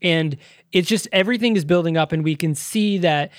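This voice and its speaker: An animated podcast co-host recaps a film in loose, casual chat, swearing freely. The voice sits at a middle pitch. The sound is dry and close, with no room around it. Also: fairly quick, dry recording. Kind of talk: casual movie review chat.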